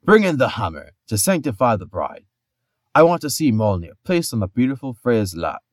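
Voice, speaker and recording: A man voicing a pompous, lovestruck male giant king, booming and crooning in turn. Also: sing-song, moderate pace, no room sound, studio quality, natural voice.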